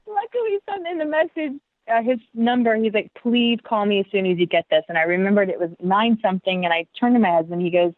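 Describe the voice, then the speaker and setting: A woman dancer telling a story in an interview, animated, acting out the voices she quotes and laughing often. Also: a little high, a little fast, dry recording. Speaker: guest dancer. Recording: tinny phone-like line, dry.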